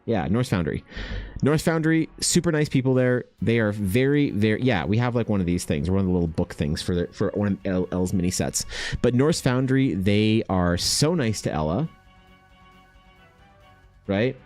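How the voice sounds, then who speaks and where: Excitable, swearing young man with a lively voice. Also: lowish voice, normal speed, faint music behind. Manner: excitable, swears a lot, thinks aloud. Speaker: art streamer. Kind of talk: casual livestream chat.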